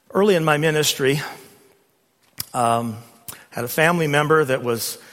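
A middle-aged man preaching a sermon as a pastor, emphatic and rising to loud peaks on key points. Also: mid-range voice. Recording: long reverb of a large hall.

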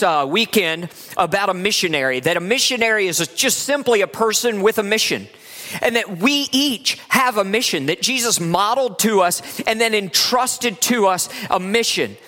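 A man from Virginia, preaching a sermon in a lively, conversational way in a church. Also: high-pitched, normal speed. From West Virginia. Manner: lively, conversational preaching with laughs and acted asides. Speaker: pastor. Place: church sanctuary. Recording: long hall reverb.

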